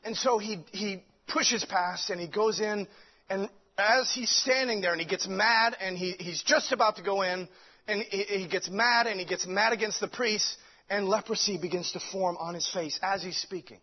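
A man's voice: high voice, normal speed, breathy edge. A man preaching a sermon with fervent delivery, stumbling over restarts and many fillers. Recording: dull lo-fi recording.

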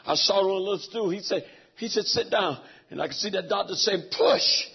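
Emotional high-voiced male preacher. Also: fast, vocal fry, slightly rough. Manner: emotional storytelling, swings from hushed to shouting. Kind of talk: sermon. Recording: dull lo-fi recording.

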